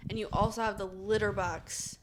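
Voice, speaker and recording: A woman's voice: medium pitch, fairly even intonation, normal speed, heavy background noise. A woman co-hosting a podcast in casual chat, giggly and swearing freely. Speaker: podcast co-host.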